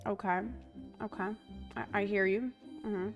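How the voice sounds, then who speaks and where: A woman's voice: mid-range voice, steady tone, unhurried, highs cut off, faint music behind. A woman streamer chatting casually and giggling as she reads chat aloud.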